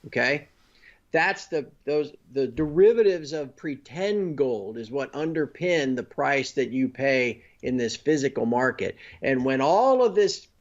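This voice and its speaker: A man's voice: medium pitch, lively intonation, measured pace, muffled recording. A man being interviewed, explaining finance step by step and often checking in with "you know" and "okay?". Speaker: guest. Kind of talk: conversational interview.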